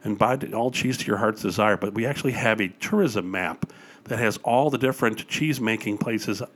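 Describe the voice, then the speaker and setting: A man's voice: fairly low pitch, fairly quick, fairly bright tone. Chatty older man. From Wisconsin, USA. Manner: enthusiastic storyteller with frequent fillers. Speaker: guest. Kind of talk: casual chat.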